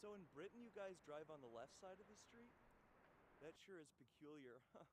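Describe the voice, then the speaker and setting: Woman doing a low, sarcastic American guy. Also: big pitch swings, fairly quick, background noise. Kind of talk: comedy sketch.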